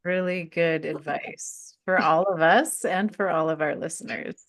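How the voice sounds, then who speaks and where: Lower-voiced woman, encouraging podcast host. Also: unhurried, no room sound, clean studio sound. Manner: thoughtful, encouraging, rambling with fillers. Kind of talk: casual chat.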